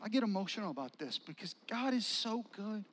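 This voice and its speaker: A man preaching a sermon in a conversational, animated storytelling manner, often acting out what people said and joking with the congregation. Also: high-pitched, fairly quick, rough recording. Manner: animated, conversational, acts out quotes and jokes. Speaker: pastor.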